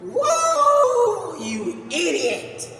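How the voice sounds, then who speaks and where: A man voicing a foul-mouthed, hyper male cartoon cat in amateur voice acting, talking erratically and bursting into yells. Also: sits high, lively intonation, very slow, gravelly, exaggerated voice. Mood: ranting. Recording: echoey room, far from the mic.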